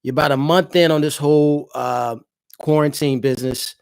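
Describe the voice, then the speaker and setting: A man's voice: on the high side, fairly even intonation, normal speed, vocal fry, darkish tone, smooth, no room sound. A married man hosting a casual live stream from his home, chatting loosely and directly with his viewers. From eastern United States. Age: adult, married father. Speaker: livestream host.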